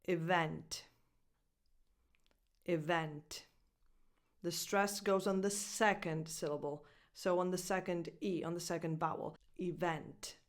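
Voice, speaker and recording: A woman teaching English pronunciation who repeats each word slowly and deliberately, marking the stressed syllable. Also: lowish voice, fairly even intonation. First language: Italian. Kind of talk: pronunciation lesson.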